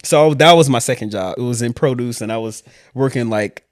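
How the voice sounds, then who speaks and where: A man from Queens, telling stories in a casual, animated vlog chat. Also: medium pitch, no room sound, studio quality. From Queens, New York. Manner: animated, quick asides and laughs. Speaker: vlog host telling his story.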